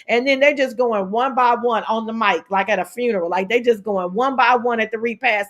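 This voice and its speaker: A woman hosting a casual commentary livestream, telling stories in a sassy, profane, animated way. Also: on the high side, moderate pace, hardly any pauses. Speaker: commentary host.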